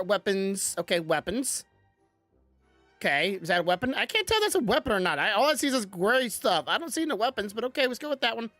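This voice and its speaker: A woman at a middle pitch gives casual gameplay commentary, chatty and self-mocking as she stumbles through reading on-screen text. Her voice is dry and close, with faint game music underneath. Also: fairly bright tone, no echo. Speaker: gaming streamer.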